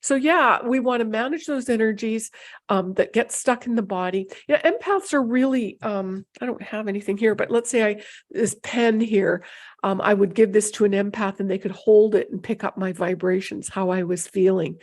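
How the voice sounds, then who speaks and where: A middle-aged woman gives an unscripted talk as an intuition teacher, her mid-range voice at a moderate pace. She meanders between thoughts, restarting often and using many fillers.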